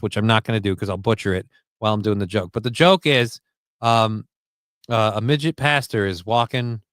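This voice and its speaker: A man's voice: fairly low pitch, fairly bright tone, clean tone, dry recording. A man hosting a casual livestream, loose, profane and jokey, reading chat comments and card text aloud. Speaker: livestream host.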